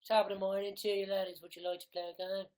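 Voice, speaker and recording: A man's voice: sits high, flat delivery, quick pace, darkish tone, voice pushed up, lightly acted, low-quality recording. Guy doing a hammy fake irish gamer dude, sing-songy catchphrases, way over the top. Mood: rowdy. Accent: put-on Irish. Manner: exaggerated, sing-song catchphrases.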